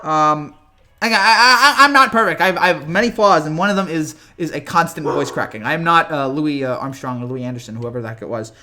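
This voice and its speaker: A young man hosting a casual live reaction stream, rambling and excitable, whose voice cracks often. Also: a little high, brisk. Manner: rambling, excitable, repeats himself.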